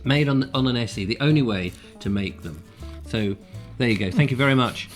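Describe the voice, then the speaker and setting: A man's voice: medium pitch, a little fast, soft background music. A man hosting a casual cooking vlog in his kitchen, chatty and self-deprecating with a chuckle in his talk. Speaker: vlogger host. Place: home kitchen.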